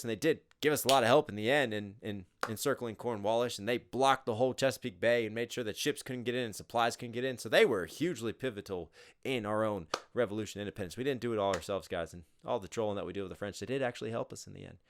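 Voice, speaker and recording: Blunt, swearing American rapper reacting. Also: male voice, mid-range voice. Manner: animated, blunt, swears freely. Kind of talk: casual commentary.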